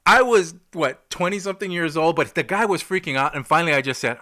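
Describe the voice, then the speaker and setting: A man hosting a casual interview, telling lively stories and acting out old phone calls. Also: a little high, a little fast. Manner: animated storyteller, acts out phone calls. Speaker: host.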